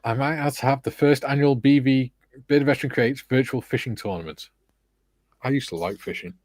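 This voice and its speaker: A man's voice: mid-range voice, brisk, darkish tone, no echo. A man hosting a live stream, reading viewers' chat comments aloud and adding dry quips.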